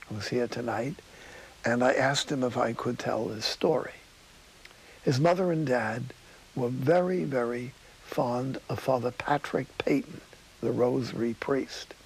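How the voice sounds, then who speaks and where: A man preaching a sermon in a studio, telling stories slowly and dropping to a whisper for emphasis. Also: medium pitch, creaky, a little hiss or hum, rough recording. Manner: storytelling, slow, drops to a whisper for emphasis.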